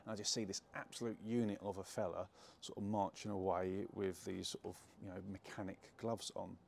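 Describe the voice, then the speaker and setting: A man's voice: low voice, flat delivery, fairly quick, creaky, darkish tone, a little hiss or hum. A young man telling a personal story to camera in a casual, chatty way, full of fillers and restarts. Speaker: jiu-jitsu gym owner telling a story.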